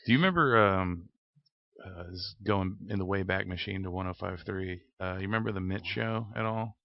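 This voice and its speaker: A man co-hosting a podcast with a gravelly voice, laid-back and chuckling in casual chat. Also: low voice, a little fast, no echo. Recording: dull lo-fi sound.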